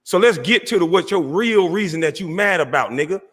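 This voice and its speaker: Confrontational male streamer host, mocking tone, bright forceful voice. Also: high-pitched, animated, a little fast, in a large hall. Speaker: online show host. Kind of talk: heated livestream rant.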